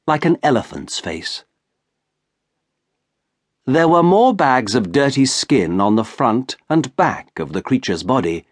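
A man narrating an audiobook in the first person with a slow, careful delivery. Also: mid-range voice, husky, dry recording, clean studio sound. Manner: slow, carefully paced reading.

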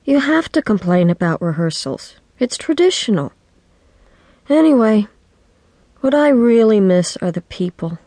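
Woman putting on a listless teen girl, deadpan, glum, storybook, dry recording. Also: medium pitch, measured pace, dry recording, voice pushed up. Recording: dry studio audiobook.

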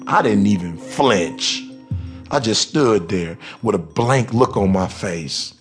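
A man narrating his memoir as an audiobook in an emphatic, animated, conversational way, with restarts. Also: fairly low pitch, slow, faint music behind. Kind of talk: audiobook storytelling.

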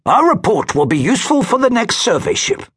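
A man's voice: very high voice, sing-song, a little fast, fairly bright tone, breathy edge, no echo, studio quality, pitched above the performer's own voice, exaggerated voice. A man reading the part of a worried alien starship captain who would rather avoid trouble, with a wry, dodging manner. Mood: wry, evasive.

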